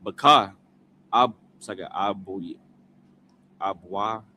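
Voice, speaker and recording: Man, slow halting reading, bright tone, faint hiss behind. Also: on the low side. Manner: halting, sounding out words, repeating after a prompter. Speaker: scripture reader. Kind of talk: reading scripture aloud syllable by syllable.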